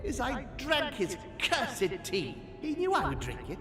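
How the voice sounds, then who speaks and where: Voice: high voice, wildly swooping pitch, unhurried, echoey room, music in the background, full character voice. An actor playing a bitter aristocrat in a video game, speaking reflectively of past betrayals.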